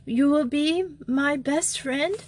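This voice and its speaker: A woman's voice: sits high, slow pace, a little mellow, voice pushed up. A woman voicing a lonely, tearful young French schoolgirl who pleads between sobs. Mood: pleading. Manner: sobbing, pleading.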